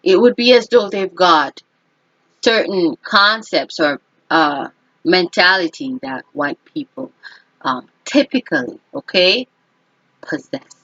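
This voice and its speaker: A woman's voice: on the low side, expressive, slow pace, a bit bright, no echo. A woman talking in a casual, opinionated monologue as an astrologer, speaking emphatically and often checking in with "okay?". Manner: emphatic, keeps asking "okay?". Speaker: astrologer and vlogger. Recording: dull lo-fi dry recording.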